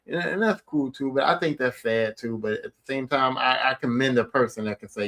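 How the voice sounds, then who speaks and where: A man's voice: mid-range voice, brisk, vocal fry, hardly any pauses, bright, forceful tone. A middle-aged man hosting his own podcast, talking in a blunt, rambling way and swearing casually. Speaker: podcast host. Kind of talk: casual solo podcast monologue.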